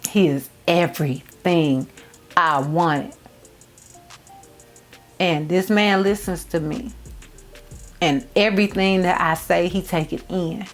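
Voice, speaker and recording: A woman's voice: on the low side, takes it slowly, pauses often, soft background music. Heartfelt woman chatting to camera. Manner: heartfelt, repeats phrases for emphasis; addresses viewers as y'all and girl. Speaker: beauty vlogger. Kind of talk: casual storytime chat.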